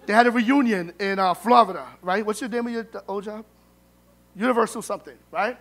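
A middle-aged man telling funny, animated stories at a memorial service, acting out the dialogue. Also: high-pitched, brisk. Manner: humorous, animated, acts out dialogue. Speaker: son giving a eulogy. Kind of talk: storytelling eulogy at a memorial service.

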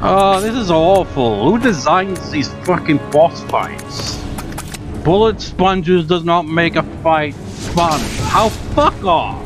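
A young let's play gamer with a fairly high, expressive voice speaks slowly while playing a game at home in a room with a cat. His commentary is exasperated, sarcastic and full of swearing, with game music in the background.

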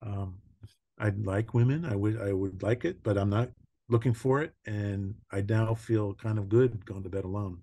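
An older man with a low voice chats easily as a podcast guest. He tells personal stories with frequent laughter and drifting pauses. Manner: warm storytelling, laughing often, trailing pauses. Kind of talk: casual conversation.

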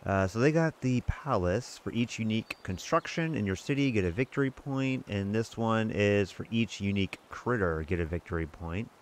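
Chatty low-voiced man hosting a game playthrough. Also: lively intonation, normal speed, few pauses, slight background noise. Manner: chatty, rambling, self-amused. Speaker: gaming channel host. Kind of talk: casual let's-play commentary.

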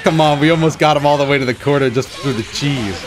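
Excitable man narrating his gameplay, slightly high. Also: quick pace. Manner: excitable, groaning and self-mocking as he plays. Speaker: gaming channel host. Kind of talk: live gameplay commentary. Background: game music and sound effects.

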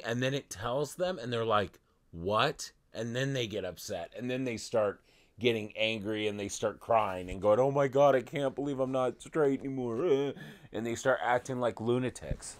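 A man delivering an angry vlog rant, exasperated and swearing, often stumbling over his words. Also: medium pitch. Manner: exasperated, swearing, halting restarts. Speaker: vlogger.

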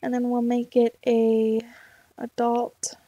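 A young woman gaming YouTuber talks slowly in a monotone, her voice on the high side and warm, recorded with lo-fi sound and no room sound. During casual let's-play chat, she rambles, dithers over choices and talks to herself.

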